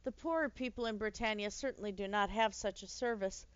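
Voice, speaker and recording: A woman voicing a sweet elderly working-class nanny who talks gently in old-fashioned speech, with a touch of bitterness. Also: mid-range voice, fairly quick, clean tone, no room sound, close to an everyday voice. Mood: gentle. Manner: gently chatty, archaic speech, mildly bitter. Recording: dull lo-fi dry recording.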